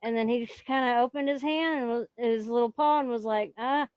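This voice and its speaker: A woman's voice: a little high, a little fast, a little mellow, clean tone, no room sound, lo-fi sound. A woman guest chatting casually on a stream over a headset, rambling and giggling, breaking off to talk to her cat. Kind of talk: casual chat.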